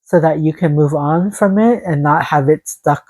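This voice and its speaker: A woman's voice: low voice, normal speed, darkish tone, dry recording, poor audio. A woman giving a casual tarot reading into her phone, soothing and encouraging, a little out of breath. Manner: soothing, encouraging, talks to viewers as "glowing angels". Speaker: tarot reader. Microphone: phone camera.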